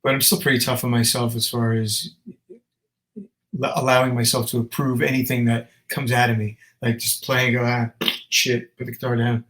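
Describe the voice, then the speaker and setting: A man's voice: medium pitch, steady tone, normal speed, a bit bright, rough recording. A man, a musician and father, chatting as an interview guest, telling a story animatedly with fillers and restarts. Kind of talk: casual interview chat.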